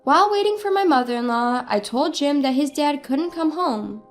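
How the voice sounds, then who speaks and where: A woman's voice: high-pitched, expressive, normal speed, hardly any pauses, soft background music. A woman telling a first-person story in earnest, dramatic scripted narration.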